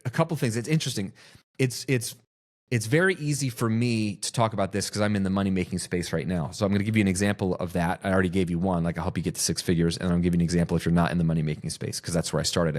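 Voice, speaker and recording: A middle-aged man and business coach, talking straight to camera in an emphatic, teaching style and repeating phrases for stress. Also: mid-range voice. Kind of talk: direct-to-camera teaching talk.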